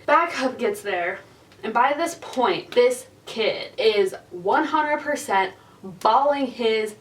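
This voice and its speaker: A woman's voice: mid-range voice, fairly bright tone, distant mic, rough recording. A young woman vlogger telling a story in a casual, chatty way, full of fillers and laughs.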